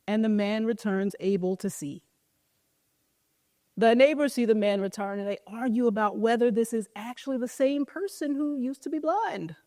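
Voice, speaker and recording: A woman's voice: mid-range voice, a little mellow, no room sound, studio quality. A woman giving a conversational sermon, retelling a story casually with lots of filler words. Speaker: preacher. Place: church service.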